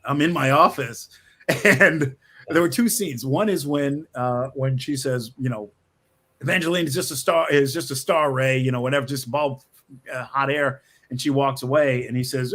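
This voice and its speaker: With a medium-pitched, fairly bright voice, this middle-aged male screenwriter is a guest in a casual interview. He rambles as he chats, with frequent restarts and little laughs.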